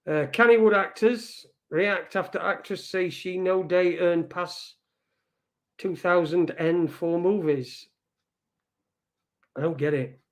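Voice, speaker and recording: Man, high voice, live-stream host, rambling, swears a lot, casual news chat. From Britain. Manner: rambling, swears often, reads headlines aloud.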